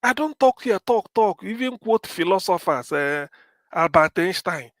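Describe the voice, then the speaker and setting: Nigerian male commentator, high-pitched, animated, English-Pidgin mix, dry close sound. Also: measured pace, no echo. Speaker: political commentator. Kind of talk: live-stream political commentary.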